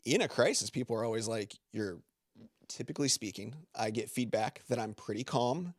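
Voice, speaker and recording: A man's voice: medium pitch, animated, normal speed, no room sound, studio quality. A man speaking as a guest on a podcast, in loose, rambling conversation full of filler words and restarts. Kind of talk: casual interview talk.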